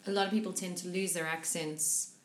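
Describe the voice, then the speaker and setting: A woman hosting an interview, chiming in quickly to finish her guest's thoughts and add her own examples. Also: on the low side, fairly even intonation. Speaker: podcast host. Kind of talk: conversational interview. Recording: echoey room.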